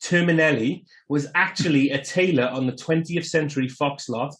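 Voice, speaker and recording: A man's voice: on the high side, moderate pace. A man co-hosting a podcast, casually explaining a film's plot and trivia in a matter-of-fact way. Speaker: podcast co-host. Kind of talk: casual film discussion.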